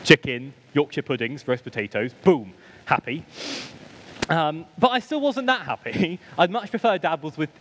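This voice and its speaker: Lively British preacher with humor. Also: male voice, on the high side, normal speed, a little hiss or hum, low-quality recording. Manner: self-deprecating, storytelling with humorous asides and frequent ums. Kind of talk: sermon. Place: church.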